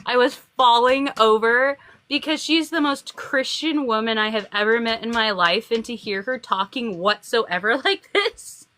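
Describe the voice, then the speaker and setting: A bright, slightly high-voiced young woman tells family stories on a livestream chat. She is animated and laughs easily, breaking into giggles as she acts out her relatives. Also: a little slow. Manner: animated storyteller, laughs a lot. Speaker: guest author.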